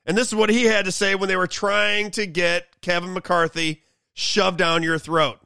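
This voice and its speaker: Brief: male show host, sarcastic political rant, high gravelly voice, dry close sound. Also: little pitch movement, normal speed, pushed and bright, dry recording. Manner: sarcastic, mocking. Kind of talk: political commentary monologue.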